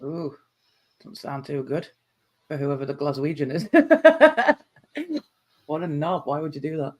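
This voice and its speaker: A woman's voice: deep voice, expressive, measured pace. A woman co-hosting a live stream, chatting casually, teasing, laughing often and swearing.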